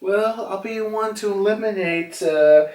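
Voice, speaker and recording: Sneering pirate archer guy read by a man, bit higher voice, echoey room, mic kinda far. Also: unhurried, a little mellow. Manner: casual line reading with slight pitch lifts. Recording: roomy, from a distance.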